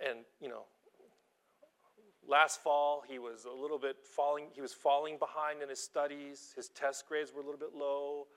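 With a slightly high voice at normal speed, a preacher and schoolteacher delivers an informal sermon full of classroom anecdotes. He is animated and self-deprecating, moving from quiet asides to loud emphasis.

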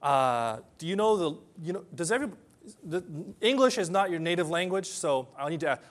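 A man preaching a sermon to people whose first language is different, telling stories and then leading a quiet prayer. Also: fairly high pitch, very animated, brisk.

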